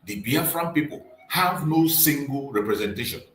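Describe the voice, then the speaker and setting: Man, fiery rhetorical monologue, fairly high voice, repeats his questions, roomy echo. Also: expressive, moderate pace. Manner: rhetorical, repeats questions, swings between loud emphasis and quiet drops. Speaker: channel host and activist commentator. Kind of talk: impassioned political monologue.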